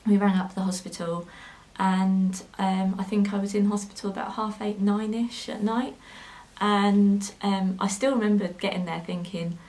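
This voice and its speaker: A woman's voice: mid-range voice, steady tone, measured pace, darkish tone, poor audio. A young woman telling a personal story to camera in a sewing vlog, hesitant and full of ums, at times emotional. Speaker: sewing vlogger.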